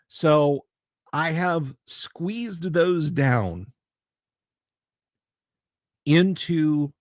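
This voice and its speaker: Slow, halting man hosting a livestream. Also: fairly high pitch, no room sound, clean studio sound. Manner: halting, full of pauses and restarts; emphatic, repeats himself. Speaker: livestream host. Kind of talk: casual chat.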